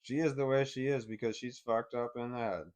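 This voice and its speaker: A middle-aged man telling a personal story in a blunt, heavily profane way, swinging between anger and quiet bitterness. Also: mid-range voice, steady tone, a little fast.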